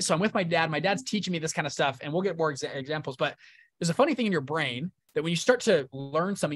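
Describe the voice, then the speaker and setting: Young male presenter, live webinar, upbeat and chatty, slightly higher voice, dry close sound. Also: a bit bright, dry recording. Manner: upbeat, casual, keeps checking in with listeners. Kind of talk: live online teaching talk.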